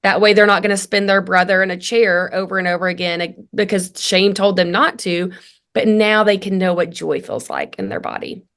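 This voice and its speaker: Speaking fairly quickly in a mid-range, creaky voice, this family communication coach is an interview guest telling family stories. She's earnest and animated in the conversational interview, acting out the dialogue as she goes.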